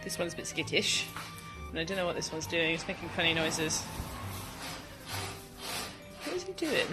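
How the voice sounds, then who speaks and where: A woman's voice: lowish voice, big pitch swings, normal speed. A woman vlogging casually at a horse yard, chatting fondly to the animals. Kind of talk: casual vlog chat. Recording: background music playing.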